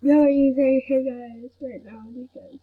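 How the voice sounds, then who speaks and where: Sick young-sounding woman vlogger, slightly high, slow soft rambling delivery. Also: fairly even intonation, breathy edge. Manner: soft-spoken, rambling with many fillers. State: sick with a headache. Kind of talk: casual chat to camera. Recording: dull lo-fi recording.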